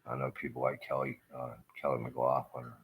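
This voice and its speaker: A man's voice: very deep voice, monotone, normal speed, a little hiss or hum, low-quality recording. A man livestreaming a rambling, casual monologue, swearing often and trailing off into fillers. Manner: profane, meandering, full of fillers.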